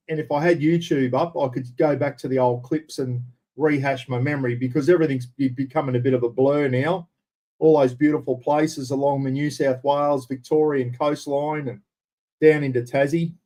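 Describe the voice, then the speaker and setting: A man's voice: a little high, a little mellow. An Australian man hosting a casual livestream from a room at home, chatting easily and greeting viewers by name. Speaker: livestream host. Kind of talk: casual live chat reading out viewer names.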